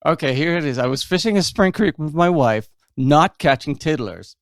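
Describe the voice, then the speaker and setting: A man's voice: a little high, lively intonation, normal speed, dry recording, studio quality. A man telling a story in a casual podcast chat, acting out the quoted dialogue.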